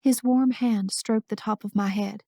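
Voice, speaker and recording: A woman's voice: medium pitch, steady tone, unhurried, dark tone, dry recording, studio quality. A woman narrating a first-person romance audiobook in an intimate, emotional reading.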